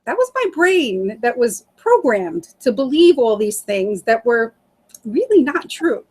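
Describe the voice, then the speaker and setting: A middle-aged woman telling her story as an interview guest, animated and laughing often as she acts out what others said. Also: fairly high pitch, unhurried, breathy edge.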